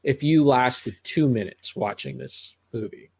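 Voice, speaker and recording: A man's voice: mid-range voice, measured pace, slightly rough. Rambling middle-aged man reviewing movies. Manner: rambling, with frequent restarts and asides. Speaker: podcast co-host reviewing movies. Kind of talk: casual movie-review chat.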